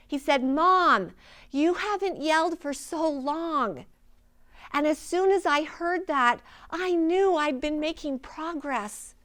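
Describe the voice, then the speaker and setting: A woman in her forties, a healing practitioner, giving an earnest, inspirational personal testimony. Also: high voice.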